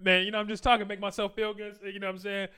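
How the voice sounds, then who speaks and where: A man's voice: sits high, level tone, very fast, sharp tone, clean tone. A man giving crude, boastful dating advice in a casual monologue, full of slang and laughter, acting out his own conversations. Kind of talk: casual monologue with acted-out dialogue.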